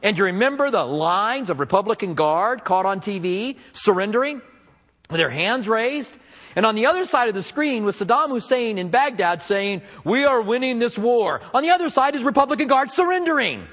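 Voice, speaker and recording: A man preaching a sermon in an animated way, acting out the people he quotes. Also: high-pitched, in a large hall. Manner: animated, acts out quoted speakers. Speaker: pastor.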